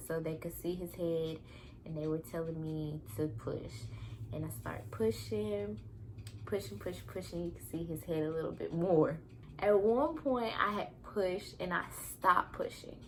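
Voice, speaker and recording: A young woman casually telling her own story as a vlogger, candid and animated, acting out quotes with laughter. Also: on the low side, a little hiss or hum.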